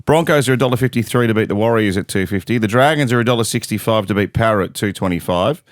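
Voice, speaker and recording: Man, Australian accent, lowish voice, brisk sports host, dry studio sound. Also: dry recording. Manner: brisk, runs through team lists and odds. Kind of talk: casual sports preview chat.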